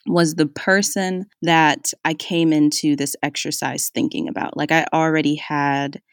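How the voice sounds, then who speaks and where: Podcast host, reflective personal monologue, casual and conversational, mid-pitched voice, dry close recording. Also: level tone, measured pace, clean tone, no room sound. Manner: casual and chatty, many "like"s and "y'all"s.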